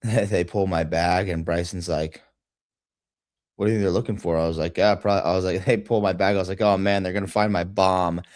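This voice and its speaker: A man's voice: low voice, dry recording, studio quality. A man hosting a podcast, telling crude stories in casual chat and laughing at his own jokes. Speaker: podcast host.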